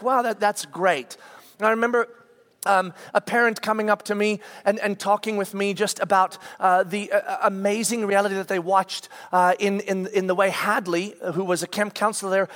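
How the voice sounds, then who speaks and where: Camp speaker, man in his forties, high voice, animated storytelling sermon full of restarts. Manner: animated, with frequent restarts and stammers; acts out quoted people in raised voices.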